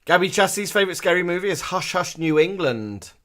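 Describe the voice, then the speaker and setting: A man's voice: sits high, expressive, fairly quick, a bit bright. A man co-hosting a live show in casual chat, dropping dry, wry asides.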